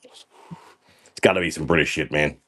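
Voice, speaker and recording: Male comic as a deep-voiced, boastful, foul-mouthed stream character who says "man" constantly. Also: fairly even intonation, a little slow, fairly bright tone, exaggerated voice. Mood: brash. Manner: ends nearly every sentence with "man", brash and swaggering. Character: crude, boastful, foul-mouthed party dude. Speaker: livestream character host. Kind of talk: comedic livestream persona reading chat.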